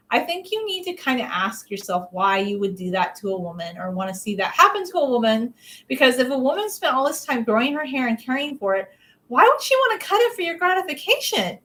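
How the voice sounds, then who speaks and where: Young woman vlogging, kinda high voice, super chatty and opinionated, lots of "like"s. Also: a bit bright, poor audio. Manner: chatty, opinionated, many "like" fillers. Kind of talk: casual chat to camera.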